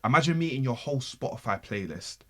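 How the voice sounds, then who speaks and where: A man, a podcast guest telling a story in lively slang and repeating words for emphasis. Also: medium pitch, fast talker. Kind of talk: casual storytelling.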